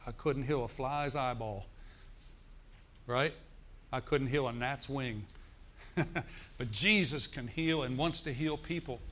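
A man's voice: mid-range voice, slow, pauses often, a bit bright, a little hiss or hum. A middle-aged male pastor preaching a sermon in a church, telling a story with emphatic bursts.

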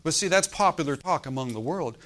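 A man's voice: fairly high pitch, lively intonation, fairly quick. Joking conversational preacher, man. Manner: joking, conversational, laughs often; builds to loud exhortation. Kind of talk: sermon.

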